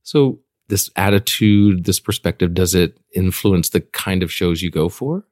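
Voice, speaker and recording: A man's voice: deep voice, a little slow, a little mellow, dry recording, clean studio sound. A man hosting a podcast, leading a conversational interview with friendly questions. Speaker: podcast host.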